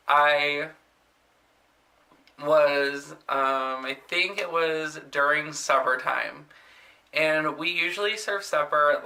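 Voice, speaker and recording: A young man telling stories from his work as a nursing assistant in a rambling casual way, full of "like" and "um". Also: a little high. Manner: chatty, rambling, frequent "like" and "um" fillers; mimics patients in loud exaggerated voices. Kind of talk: casual storytelling vlog.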